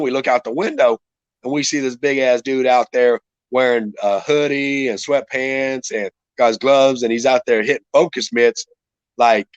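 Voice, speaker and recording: A man's voice: medium pitch, dry recording, muffled recording. A middle-aged man telling a rambling, profane fight story in casual podcast talk. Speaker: retired MMA fighter guest.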